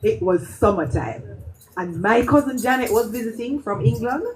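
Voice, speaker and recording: Woman, Jamaican accent, spoken-word poet, animated storytelling, mellow tone. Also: on the high side, moderate pace, a little hiss or hum, poor audio. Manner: animated storytelling, slipping into patois. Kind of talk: spoken-word poetry performance.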